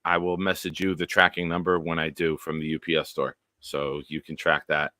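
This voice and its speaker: A man hosting a live-streamed sports chat show, excitable, giving viewers shout-outs by name and bursting into sing-song chants. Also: very deep voice, normal speed, dry recording, clean studio sound.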